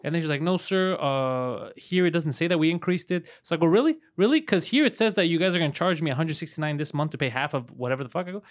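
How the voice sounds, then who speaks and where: A man co-hosting a podcast, telling a story in a casual, profane, animated way and putting on voices for the people in it. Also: fairly high pitch, fast, hardly any pauses. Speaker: podcast co-host. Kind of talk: casual chat.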